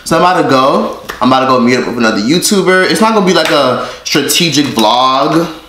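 A man's voice: mid-range voice, expressive, a little fast, pushed and bright. Profane joking vlogger man. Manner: profane, joking, talks to viewers directly. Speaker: YouTuber vlogger. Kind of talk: casual vlog to camera. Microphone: phone held by hand. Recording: echoey room, faint noise.

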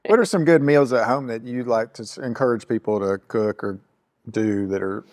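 Relaxed man hosting a chat show. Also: mid-range voice, moderate pace. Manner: relaxed, rambling questions with many fillers. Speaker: host. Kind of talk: casual interview chat.

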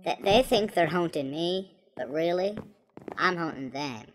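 A woman's voice: on the low side, measured pace, over music. A woman commenting on a block game as a small, rebellious talking flower pot, stammering and repeating her words. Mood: nervous chatter. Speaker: gameplay commentator. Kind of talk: in-character gameplay commentary. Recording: home mic with steady hiss.

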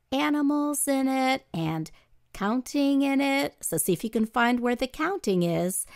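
A woman, a parent educator, gently teaching young children about music in a sing-song manner. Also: mid-range voice, vocal fry. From Missouri. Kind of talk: children's music lesson with singing.

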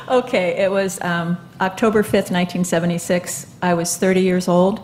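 A woman in her seventies speaking onstage at a live event, telling her own story in an earnest, halting way with many fillers and restarts. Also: on the low side, fairly even intonation, noisy background. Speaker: guest speaker. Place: live event stage before an audience.

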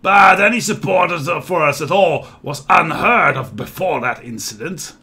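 A man's voice: a little high, lively intonation, unhurried, sharp tone. A man voicing a noble, brooding male half-orc rebel leader in a video game, speaking in a formal, old-fashioned way. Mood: scornful.

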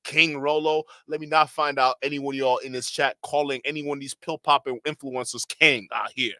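A man's voice: mid-range voice, steady tone, brisk, sharp tone, dry recording. A man reacting to a video on a live stream, mocking it in slang and breaking into laughter again and again.

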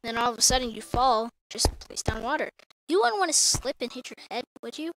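A woman's voice: a little high, animated, fairly quick, fairly bright tone, slight background noise. A woman giving casual, rambling commentary while playing a video game, often correcting herself and talking to viewers. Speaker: gamer.

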